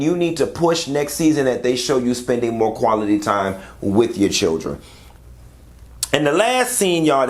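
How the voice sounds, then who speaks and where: A man from the United States, chatting candidly to his viewers as he reviews a reality show. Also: mid-range voice. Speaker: YouTube commentator. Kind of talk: casual reaction commentary.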